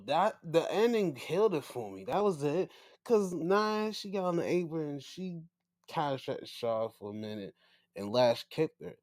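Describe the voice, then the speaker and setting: A man hosting a casual wrestling recap show, excitable and profane, often acting out his own reactions. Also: a little high. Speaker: podcast host.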